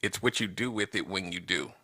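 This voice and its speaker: A man's voice: sits low, a little fast, sharp tone. A man talking as a guest on a talk show, explaining points animatedly and checking in with rhetorical questions. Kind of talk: casual conversation.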